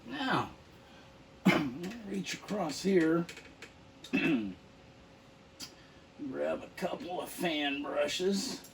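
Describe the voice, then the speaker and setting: A man talks through an oil painting demonstration at an unhurried, slow pace, with an easygoing manner that often drifts into murmuring to himself. There is a faint hiss of noise behind his voice. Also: on the high side, expressive, gravelly. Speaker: painting instructor. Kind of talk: relaxed paint-along tutorial.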